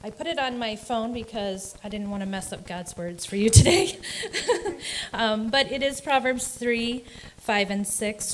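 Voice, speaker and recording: A woman's voice: fairly high pitch, unhurried, a little hiss or hum, low-quality recording. A middle-aged woman from New Jersey giving an earnest, emotional personal testimony in a church service, with nervous laughs. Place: church sanctuary.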